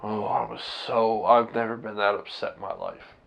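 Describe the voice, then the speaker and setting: A man's voice: lowish voice, big pitch swings, moderate pace, creaky, a bit bright. A man talking candidly to his own camera, blunt and profane, rambling with restarts as a husband and father. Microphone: camera set up by himself.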